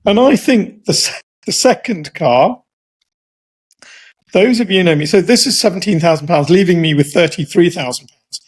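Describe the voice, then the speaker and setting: A man co-hosting a casual podcast chat, laying out details one by one in a deliberate way. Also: high-pitched, husky. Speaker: podcast co-host.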